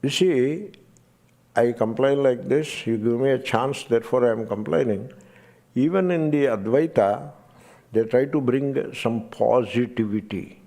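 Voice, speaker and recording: A man's voice: medium pitch, a little slow, dark tone. An older man with an Indian English accent, giving a satsang talk. He tells a story with emphasis and chuckles often as he goes. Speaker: swami teaching Vedanta.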